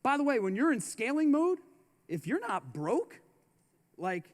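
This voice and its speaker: A high-voiced man gives a motivational business keynote in a large conference hall, his words carrying a long reverb. Very animated yet measured in pace, he presses his points hard, repeats slogans and catchphrases, and drops slangy asides in between.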